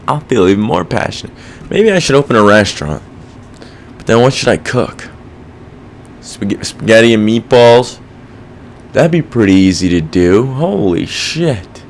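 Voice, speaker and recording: A young man hosting a solo podcast, rambling casually and swearing a lot while thinking out loud. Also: on the low side, a little hiss or hum. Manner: rambling, profane, self-reflective. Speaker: podcast host.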